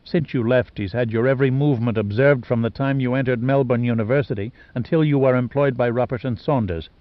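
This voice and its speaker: A man voicing a cold, scheming wealthy woman who speaks calmly and mockingly, in an audiobook. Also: medium pitch, a little fast, no room sound, lightly acted. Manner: calm, impassive, mocking. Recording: dull lo-fi audiobook recording.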